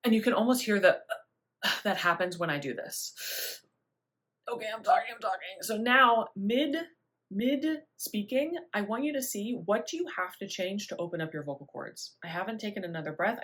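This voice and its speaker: A young adult woman voice teacher explaining breathing in a relaxed, chatty way with little laughs. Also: fairly low pitch. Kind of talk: spoken singing lesson.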